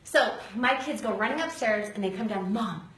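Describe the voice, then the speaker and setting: Lively woman telling a story. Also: a little high, normal speed. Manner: animated, laughing, acts out quoted voices. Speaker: speaker at a sales event. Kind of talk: storytelling speech to a live audience. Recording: roomy hall with faint noise.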